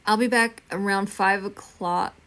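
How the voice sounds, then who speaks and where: With a medium-pitched, sharp-toned voice, steady and measured, a Texas woman in her fifties works as a livestream medium. Her chat is casual, taking viewer comments and calming people by name.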